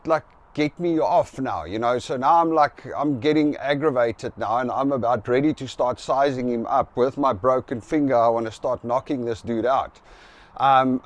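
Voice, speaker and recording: A man's voice: fairly high pitch, measured pace. A middle-aged South African man with a South African accent, casually recounting a story to camera and acting out both sides of an argument. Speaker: vlogger.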